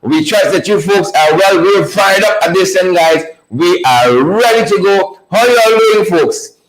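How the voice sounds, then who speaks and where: A man's voice: sits high, a little slow, reverberant, low-quality recording. A man with a Guyanese accent hosting a live stream, greeting viewers by name in a playful way and laughing often. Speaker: livestream host.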